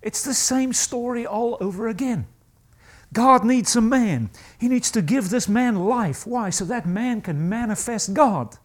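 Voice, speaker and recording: An extremely high-pitched man gives a forceful sermon, asking the congregation rhetorical questions and drawing out key phrases slowly for emphasis.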